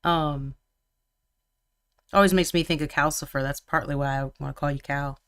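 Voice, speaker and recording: A woman's voice: sits low, fairly even intonation, normal speed. A woman chatting casually and teasing her co-host while she paints miniatures on a live stream. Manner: chatty and teasing, often laughing.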